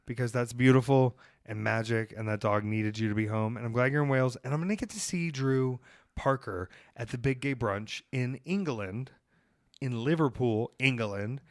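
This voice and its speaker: A man hosting a podcast, telling rambling stories in a lively, animated way, swearing casually. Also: mid-range voice, fairly quick, no room sound, studio quality. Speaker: podcast host.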